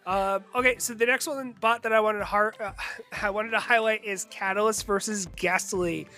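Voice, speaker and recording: A woman host talks loosely, circling back and restarting her thoughts. Her pitch sits in the middle range, and faint music runs behind her. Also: fairly even intonation, moderate pace, pushed and bright. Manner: rambling, many fillers and restarts. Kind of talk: casual chat.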